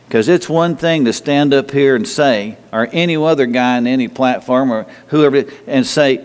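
A man's voice: mid-range voice, moderate pace, smooth. A man preaches in a church, speaking conversationally with his congregation. He often repeats words and asks them rhetorical questions. His voice carries a long reverb from the hall. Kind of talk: sermon. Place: church sanctuary.

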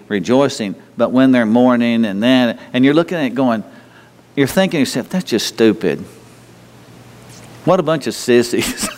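Folksy preacher in a reverberant sanctuary. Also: male voice, a little mellow. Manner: folksy, conversational, often asks the congregation questions; mimics others in a high mocking voice. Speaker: pastor. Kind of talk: sermon.

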